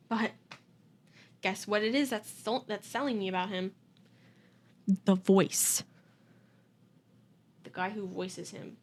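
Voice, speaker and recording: A woman's voice: mid-range voice, fairly bright tone. Young woman rambling on her podcast, laughs at herself a lot, keeps saying sorry, takes her time. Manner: giggly, self-deprecating, apologetic. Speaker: podcast host. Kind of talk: casual confessional monologue.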